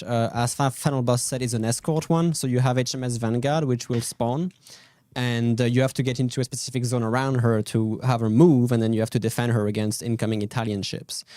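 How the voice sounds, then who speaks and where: A man's voice: mid-range voice, a little mellow, dry recording. Male stream host, casual gameplay commentary, dry close mic, easygoing and rambling. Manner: laid-back, rambling, fillers, answers chat.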